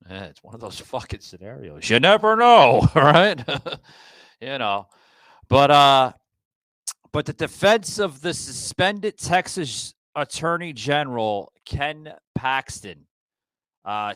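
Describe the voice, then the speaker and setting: A man's voice: mid-range voice, a bit bright, dry recording, poor audio. A man hosting a political podcast from a hotel room, out of breath and rambling with many fillers and restarts. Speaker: podcast host. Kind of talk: casual political commentary. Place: hotel room with sound panels.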